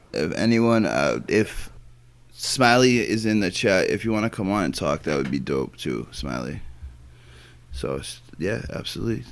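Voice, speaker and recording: A man chatting as a podcast guest, easygoing and rambling with lots of "you know what I mean.". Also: sits low. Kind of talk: casual chat.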